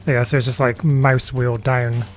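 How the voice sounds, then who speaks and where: A man hosting a casual gaming livestream, chatting in a relaxed way and reading viewer messages aloud. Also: medium pitch, measured pace, a little hiss or hum. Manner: relaxed, chatty, reads chat aloud, frequent fillers. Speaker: streamer host.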